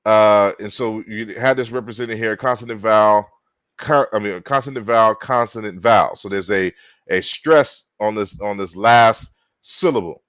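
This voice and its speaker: A man giving an online linguistics lecture, deliberate, spelling out words with frequent fillers and restarts. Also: lowish voice, a bit bright, clear, resonant tone, no room sound.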